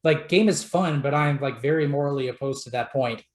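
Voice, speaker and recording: A man's voice: medium pitch, fairly quick. A man hosting a casual podcast about video games, chatty and full of filler words. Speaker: podcast host. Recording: roomy echo.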